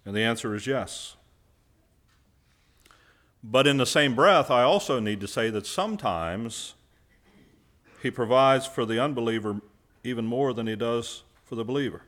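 A man's voice: medium pitch, normal speed, pauses often, fairly bright tone. A man delivers a church sermon in a mid-range voice. He puts questions to the congregation and answers them himself. He drives his points home by repeating key words. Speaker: preacher.

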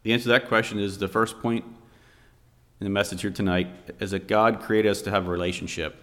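A man's voice: on the low side, fairly even intonation, a little fast, a bit bright. A man preaching a sermon, telling a family story to make his point. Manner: storytelling, vividly recounting a scene. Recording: long hall reverb.

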